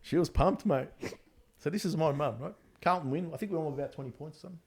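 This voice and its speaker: A man in his fifties with an Australian accent, a comedian telling animated stories with lots of swearing and "mate". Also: fairly high pitch, fast, husky. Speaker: comedian guest. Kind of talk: casual storytelling chat.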